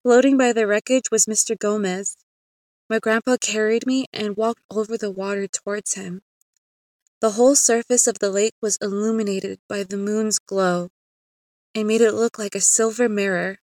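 A woman narrating a spooky story in the first person, in a calm, steady storybook reading. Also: medium pitch, moderate pace, no room sound.

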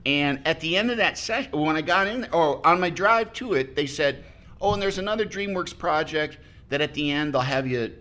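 A podcast guest with a high-leaning, pushed and bright voice speaks at normal speed with lively intonation. He tells a rambling anecdote in casual chat, often breaking off mid-sentence and acting out what people said.

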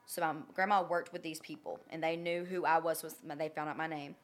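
A woman's voice: low-pitched, fairly even intonation, a little fast. A young woman casually telling a personal story. She talks bluntly, swears freely and keeps checking in with "okay?".

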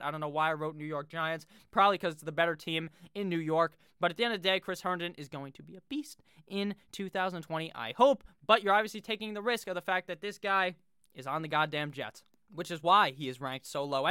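Brash, high-voiced profane sports talker. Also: male voice, pushed and bright, clean tone, no echo, clean studio sound. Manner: brash, joking, swears freely. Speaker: fantasy football video host. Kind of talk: casual profane fantasy football rankings.

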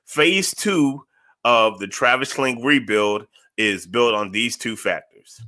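A man's voice: mid-range voice, slow, bright, forceful tone, no room sound. A man hosting a casual sports podcast, talking to his chat viewers and repeating phrases for emphasis. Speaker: podcast host.

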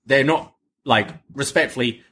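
British man, podcast co-host, casual chat, mid-pitched voice, breaks into imitations. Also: moderate pace, slightly rough. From Britain. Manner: mimics wrestlers in loud put-on voices.

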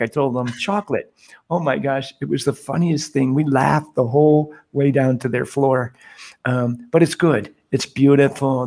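A priest appears as a podcast guest over a remote call from Guatemala, chatting casually and telling stories while laughing. His voice is medium in pitch with a darkish tone.

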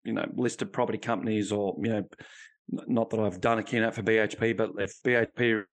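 A man's voice: on the low side, steady tone, fairly quick. A man, a coach, talking casually and bluntly in a podcast interview, swearing freely as he tells stories. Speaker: high performance coach.

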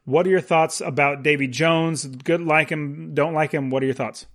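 A man's voice: a little high, fairly even intonation, normal speed. A man co-hosting a casual film chat, rambling and full of fillers. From United States. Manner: rambling, with frequent fillers and laughs. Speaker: podcast co-host discussing films.

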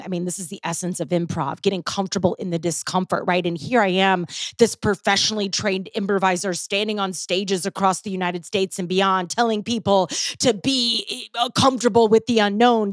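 A woman's voice: medium pitch, fairly even intonation, fairly quick, dry recording. A middle-aged woman hosting a podcast, chatting casually and animatedly, swearing freely and acting out her own past panic. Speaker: podcast host.

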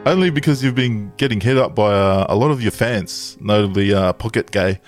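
A man's voice: fairly low pitch, fairly quick. Male podcast host, crude and laughing, faint music underneath. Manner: laughs often, crude jokes. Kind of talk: casual crude podcast banter.

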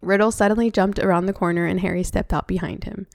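A woman's voice: on the low side, steady tone, fast talker, gravelly, no room sound, studio quality. A woman reading a novel aloud, breaking off now and then for chatty comments. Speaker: reader.

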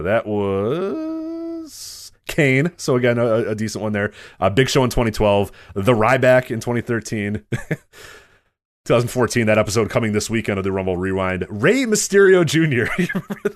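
Podcast co-host, male, deep-ish voice, rapid-fire and profane, dry close mic. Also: big pitch swings, no echo. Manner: rapid, laughing, profane rundown of wrestling history. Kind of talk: casual chat.

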